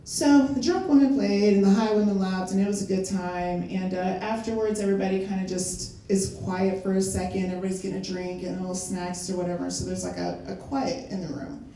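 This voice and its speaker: A woman's voice: mid-range voice, fairly even intonation, brisk, few pauses, mellow, slight background noise. Older woman telling stand-up stories. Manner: conversational storytelling with fillers and laughs. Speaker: stand-up comedian. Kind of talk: stand-up comedy set. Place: live comedy venue. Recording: echoey venue from far off.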